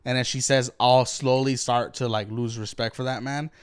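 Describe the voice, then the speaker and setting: A man's voice: mid-range voice, steady tone, moderate pace, clean tone, dry recording, studio quality. A young man co-hosting a podcast, ranting bluntly and profanely in casual chat. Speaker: podcast co-host.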